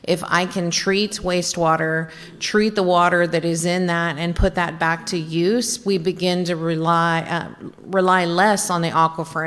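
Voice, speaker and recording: Flat-voiced woman in a reverberant chamber. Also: on the low side. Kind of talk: formal remarks at a council meeting.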